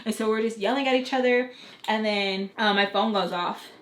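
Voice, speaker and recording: A young woman telling a personal story in a casual storytime vlog, chatty and animated with lots of "like" fillers. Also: mid-range voice, moderate pace. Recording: roomy echo with faint background noise.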